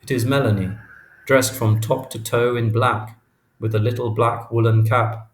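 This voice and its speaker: A man narrating a literary audiobook in a measured, even reading. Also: mid-range voice, a little hiss or hum. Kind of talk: scripted narration. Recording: roomy echo.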